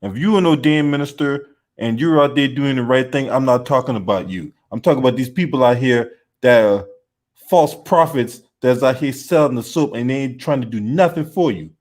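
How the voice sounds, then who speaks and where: A man's voice: medium pitch, normal speed, a little mellow. A man hosting a casual commentary chat in a blunt, profane and indignant way. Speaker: host.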